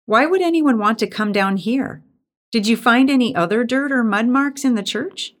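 Woman as a calm young woman. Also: a little high, moderate pace, voice pushed up, lightly acted. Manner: calm and reasonable. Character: calm petite young woman in her twenties.

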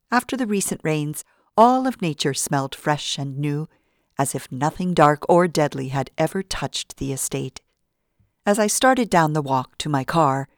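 A woman narrating a novel in a steady storytelling read. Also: sits low, no room sound, clean studio sound. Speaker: audiobook narrator. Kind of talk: scripted narration.

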